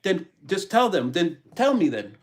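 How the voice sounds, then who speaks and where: A man hosting a tarot live stream, with a fairly high voice for a man. He talks in a loose, animated way and slips into preachy pep talk. He greets viewers by name as they drop in. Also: measured pace. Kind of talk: casual live-stream chat.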